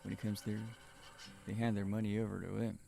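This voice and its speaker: A man playing a secretive cowboy townsman in an amateur film, speaking low in a hushed put-on cowboy drawl as if afraid of being overheard. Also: little pitch movement, a little fast, vocal fry. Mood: hushed gossip.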